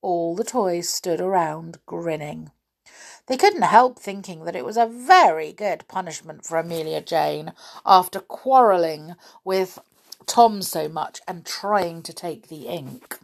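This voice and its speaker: Expressive woman reading a story slowly. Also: fairly low pitch, creaky. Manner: expressive, lively.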